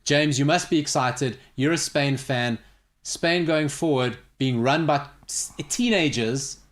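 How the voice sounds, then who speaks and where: A man's voice: fairly high pitch, unhurried. A man hosting a sports talk show, opinionated and sarcastic in casual banter. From South Africa.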